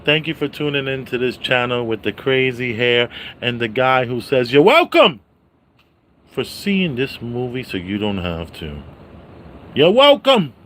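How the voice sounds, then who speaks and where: A man reviewing a movie on a casual livestream, greeting viewers by name and loudly repeating his catchphrases. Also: mid-range voice, moderate pace, few pauses, a little hiss or hum.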